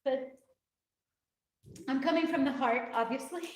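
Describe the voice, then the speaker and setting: A woman's voice: high voice, a little slow, roomy sound, recorded from a distance, poor audio. A woman hosting a live stream, crying as she speaks to her viewers in a heartfelt, rambling, earnest way. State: tearful, crying. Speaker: fitness vlogger hosting a livestream.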